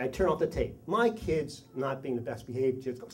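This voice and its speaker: A middle-aged man tells a story live on stage in a self-mocking, animated way, acting out other people's lines. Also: a little high, normal speed, few pauses, distant mic, a little hiss or hum. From Delaware County, Pennsylvania. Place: story slam venue.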